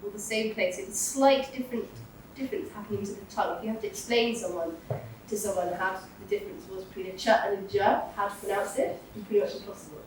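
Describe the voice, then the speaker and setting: A woman's voice: mid-range voice, quick pace, far from the mic. A British woman teaches Sanskrit pronunciation to a class. She models each sound for the group to copy back. Her voice comes from some way off the microphone in a very echoey room with faint noise. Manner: demonstrates sounds for the group to repeat.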